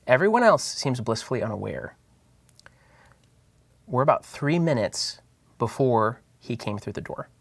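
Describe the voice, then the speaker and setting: A man narrating a tabletop game as game master, in a loose, halting way with many fillers. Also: mid-range voice, sing-song, vocal fry, no echo.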